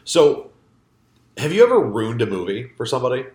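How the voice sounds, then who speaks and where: A man's voice: medium pitch, big pitch swings, brisk, a little mellow. A man co-hosting a podcast in loose, profane casual chat, rambling with many fillers. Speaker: podcast co-host. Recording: echoey room.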